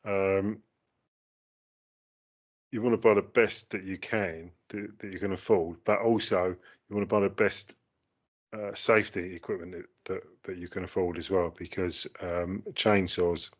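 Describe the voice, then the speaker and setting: A man's voice: low voice, level tone, measured pace, muffled recording. A man co-hosting a casual chat, talking in British slang with many fillers and restarts. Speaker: co-host.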